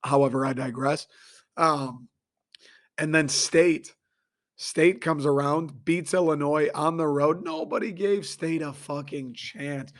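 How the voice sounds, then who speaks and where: A young man from Michigan, hoarse and a little raspy, ranting profanely and excitably as he hosts a casual sports talk show. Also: a little high, slow. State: hoarse after a concert. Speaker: sports podcast host.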